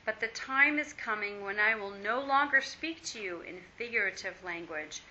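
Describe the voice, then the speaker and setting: A woman reading scripture aloud in a steady, measured way during a Bible study. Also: medium pitch. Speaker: scripture reader. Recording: muffled lo-fi with faint hiss.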